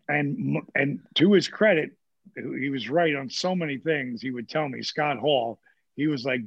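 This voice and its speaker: Older man in his 60s, gravelly and husky, profane animated storyteller, dull recording. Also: medium pitch, a little slow, no echo. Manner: profane, animated, acts out quotes. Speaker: guest telling stories. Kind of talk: casual storytelling. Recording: dull, muffled audio.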